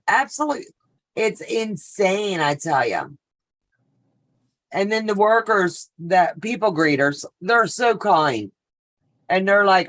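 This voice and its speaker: Middle-aged woman, host of a live sewing stream; casual, talkative storyteller. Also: low voice. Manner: chatty, storytelling, greets viewers by name. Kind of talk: casual chat while sewing.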